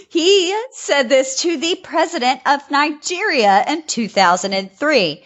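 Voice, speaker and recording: A giggly woman hosting a casual comedy podcast, reading texts and quotes aloud to her co-host. Her voice is lively and swings up and down, and the recording sounds a bit dull and lo-fi. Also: sits high, unhurried, few pauses.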